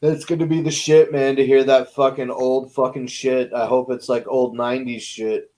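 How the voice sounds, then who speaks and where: A man's voice: mid-range voice, level tone, moderate pace, a little mellow. A sleepy man co-hosting a casual podcast chat, laid-back and profane. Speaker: podcast co-host.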